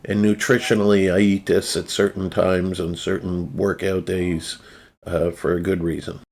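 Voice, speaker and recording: A man's voice: low voice, level tone, normal speed, creaky, a little mellow. A man with a New Jersey accent hosting a casual chat, rambling loosely through food photos with lots of fillers and restarts. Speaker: channel host.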